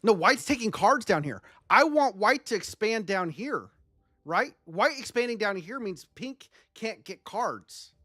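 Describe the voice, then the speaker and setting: A man's voice: sits high, lively intonation, unhurried, bright, forceful tone, soft background music. A man streaming a strategy game live, chatting and joking with his viewers as he plays. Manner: chatty, joking, talks to chat.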